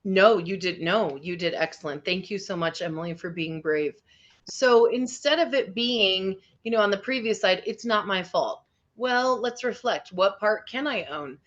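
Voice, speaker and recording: A woman's voice: medium pitch, expressive, moderate pace. A woman leads a lesson for teenagers with an encouraging manner. She talks in a chatty way, full of asides. The sound is dull and slightly lo-fi. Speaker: teacher leading a teen skills session. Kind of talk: classroom lesson over video call. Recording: dull lo-fi audio.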